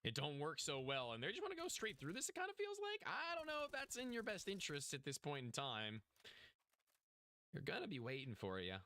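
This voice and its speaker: A man's voice: on the high side, huge pitch swings, fairly quick, bright, forceful tone. A young man casually commentating a game match, hyped and joking, talking to chat. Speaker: esports caster.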